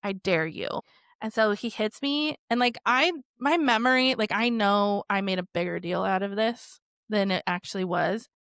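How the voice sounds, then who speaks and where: A woman's voice: mid-range voice, steady tone, normal speed, few pauses, fairly bright tone, clean tone, no room sound, studio quality. A woman podcast host telling her own story candidly, rambling with lots of "like" and swearing freely.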